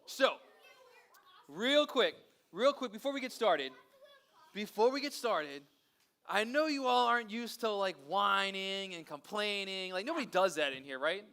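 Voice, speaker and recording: A man leading a children's Bible story, energetic, playful and chatty with the kids. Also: high voice, unhurried. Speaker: children's pastor.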